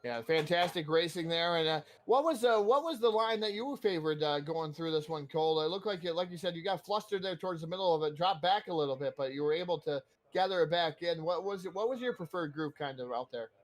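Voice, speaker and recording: A man's voice: a little high, expressive. A man hosting post-race interviews for an online racing broadcast, upbeat and a little out of breath. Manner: upbeat, hurried, slightly out of breath.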